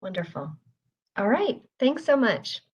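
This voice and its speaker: A woman's voice: on the high side, sing-song, a little slow, slightly rough, highs cut off. A woman presenting research in a webinar in a friendly, casual way, with frequent "um" and "you know".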